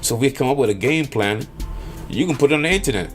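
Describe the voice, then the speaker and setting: Animated middle-aged man, faint music. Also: mid-range voice, fast. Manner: animated, rambling, acts out quoted voices. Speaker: vlogger. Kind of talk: opinion commentary.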